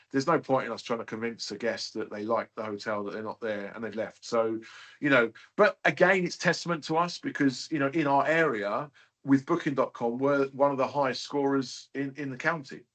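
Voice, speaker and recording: A man's voice: medium pitch, a little fast, fairly bright tone. Chatty man, hotel owner interviewed. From United Kingdom. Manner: chatty, many fillers like "you know". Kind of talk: casual interview chat.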